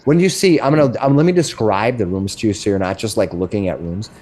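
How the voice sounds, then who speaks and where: A middle-aged man narrating as game master, describing rooms in a halting way with many restarts. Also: fairly low pitch, a little mellow.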